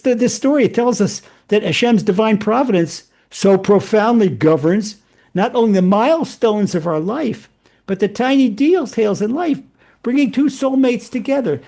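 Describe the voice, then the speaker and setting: A rabbi telling stories in a lecture to a live audience, animated and often repeating and restarting his words. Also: high voice. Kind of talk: storytelling Torah lecture.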